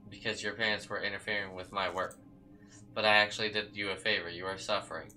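A man voicing a cold, scheming older male doctor, with calm, lecturing delivery. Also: fairly low pitch, fast, faint music behind, low-quality recording. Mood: smug.

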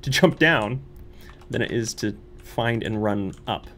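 A man's voice: on the low side, takes it slowly, fairly bright tone, a little hiss or hum. A young man playing a horror game on his channel, muttering nervously to himself and breaking into squeals and laughs. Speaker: let's play streamer. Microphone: studio microphone.

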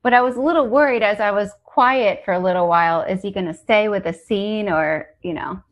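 A woman hypnotherapist telling funny stories in a casual interview, animated and laughing often as she acts out quotes. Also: mid-range voice, a little fast, dull audio. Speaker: hypnotherapist guest.

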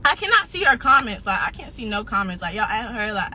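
A woman's voice: mid-range voice, lively intonation, normal speed, few pauses, sharp tone, husky. A nineteen-year-old woman venting on a livestream, upset and defensive, swearing heavily and repeating herself, close to tears at times. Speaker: social media personality.

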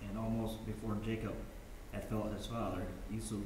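A man's voice: fairly low pitch, level tone, normal speed. A man in a Bible study group reading scripture aloud, stumbling and restarting a few words. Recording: far-off mic in a very echoey room, faint noise.

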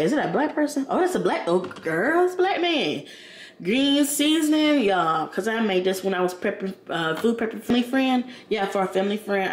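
A woman vlogging casually from her home kitchen, rambling and slangy as she talks to her viewers. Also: lowish voice. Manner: chatty, rambling, slangy, addresses viewers as y'all and girl. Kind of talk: casual chat to camera. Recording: echoey room with background noise.

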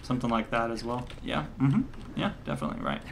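A man's voice: mid-range voice, big pitch swings, quick pace, creaky, background noise. A man giving rambling, joking let's play commentary, breaking into mock rage and laughter. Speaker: gaming commentator. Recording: game music playing behind.

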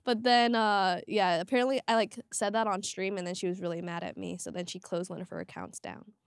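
A woman's voice: mid-range voice, fairly even intonation, a little fast, vocal fry, clear, resonant tone, no echo, studio quality. A woman guest on a podcast, chatting in an upbeat way with a lot of "like" fillers. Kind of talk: casual chat.

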